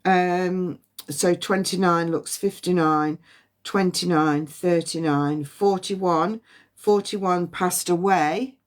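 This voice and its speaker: A woman giving a past-life psychic reading on a phone livestream, halting and repeating words as impressions come to her. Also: fairly low pitch, steady tone. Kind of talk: livestream reading and guided release.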